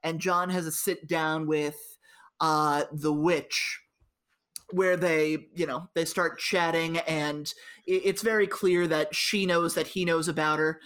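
A man calmly telling an improvised story in casual chat, with many "you know"s. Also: fairly high pitch, takes it slowly, clean tone.

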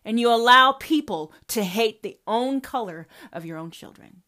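A woman's voice: a little high, expressive, normal speed, bright, forceful tone. A woman hosting a personal podcast, talking straight to her mother in a profane, confrontational and emphatic way. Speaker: podcast host.

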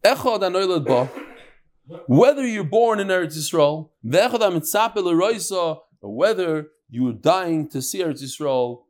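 A man leads a Talmud class. His voice sits high, and he moves between chanted Aramaic text and quick, joking English explanations. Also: animated, darkish tone. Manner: reads Aramaic then explains in English with jokes. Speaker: Talmud teacher.

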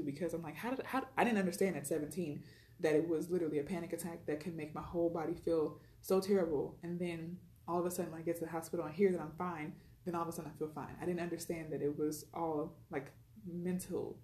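Fast-talking woman, echoey room. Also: on the low side, warm tone. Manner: chatty, retells dialogue, frequent fillers. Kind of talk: personal storytelling.

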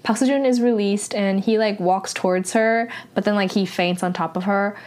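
A woman's voice: medium pitch, fairly even intonation, normal speed, darkish tone. A woman casually recapping a drama episode, chatty and full of filler words, with exasperated, incredulous asides.

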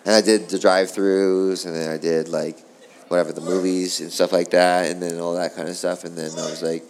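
Deep-voiced man telling a rambling story. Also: brisk. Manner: animated, profane, rambling storyteller. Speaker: guest, former pro surfer. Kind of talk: casual storytelling interview.

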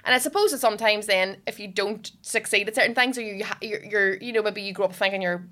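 A woman's voice: medium pitch, fast talker, fairly bright tone. A woman hosting a podcast, chatting casually, laughing often and swearing now and then. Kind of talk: casual chat.

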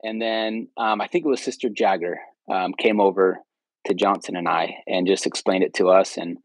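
A man's voice: sits low, fairly even intonation, normal speed, dry recording, low-quality recording. A man, a podcast guest, telling stories in a casual, rambling way with many ums. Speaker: podcast guest, returned missionary. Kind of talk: casual storytelling interview.

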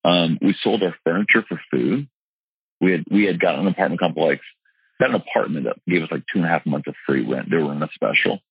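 Deep gravelly man telling his story. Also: fast talker, dry recording, lo-fi sound. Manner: earnest, emphatic, frequent restarts and "literally". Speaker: real estate investor and seminar teacher. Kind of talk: candid personal storytelling in an interview.

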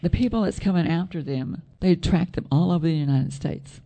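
A woman telling a personal story in casual chat, soft-voiced, rambling and correcting herself as she goes. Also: fairly low pitch, brisk. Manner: rambling, self-correcting storyteller with frequent laughs.

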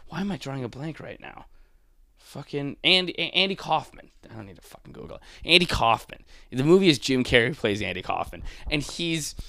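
A young adult man, a comedian, ranting casually and profanely, mocking people with quick put-on voices. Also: mid-range voice, gravelly, no room sound. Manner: animated, profane, mocking impressions.

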